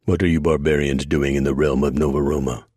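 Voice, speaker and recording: A man's voice: a bass voice, little pitch movement, a little fast, darkish tone, husky, dry recording, studio quality. A man playing a sneering Southern-drawling centurion. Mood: menacing. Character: domineering, contemptuous male Roman centurion.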